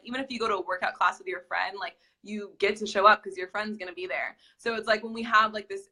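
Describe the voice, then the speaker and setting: A woman's voice: medium pitch, sharp tone. A young woman guest in a casual chat, talking in a bubbly way with lots of "like".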